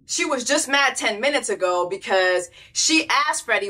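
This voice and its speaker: An American woman riffing on a reality show in casual, blunt commentary. Her voice is bright and clear, and she talks with animated, profane energy, swinging between teasing and exasperation. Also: on the high side, normal speed, few pauses.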